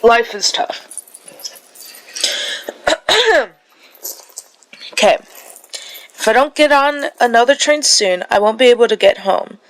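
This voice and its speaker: A woman reads a story game aloud at a slow, drowsy pace. Her voice sits a little high. She trips over words, corrects herself, and drifts into casual asides between lines. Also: expressive, fairly bright tone, low-quality recording.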